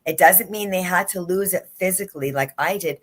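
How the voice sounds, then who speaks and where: Earnest woman coach, slightly low voice. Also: brisk. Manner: earnest, inspirational, repeats key phrases. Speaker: guest, life and leadership coach. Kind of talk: livestream interview, motivational talk.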